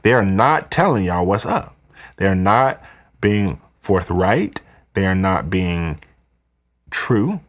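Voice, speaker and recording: A man hosting a live podcast, ranting in an animated, conspiratorial way. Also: sits low, slow, long pauses. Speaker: podcast host. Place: indoors, wearing headphones.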